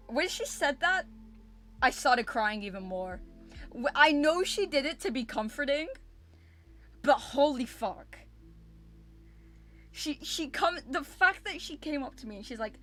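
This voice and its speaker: A young woman with a slightly high voice tells a story to her stream chat in an animated, looping way. She repeats herself and swears freely. Faint music plays underneath. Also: normal speed.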